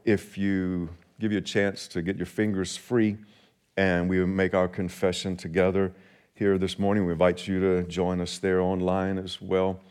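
A man preaching a Sunday sermon in church, rising and slowing for emphasis on scripture. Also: low voice, completely flat delivery, a little mellow, clean tone. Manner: rises and slows for emphasis when quoting scripture. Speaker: pastor. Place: church sanctuary.

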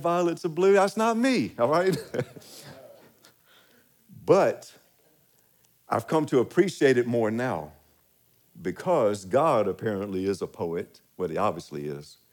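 A male pastor preaching a sermon, laughing often and reading scripture slowly and deliberately. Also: fairly high pitch, a little mellow.

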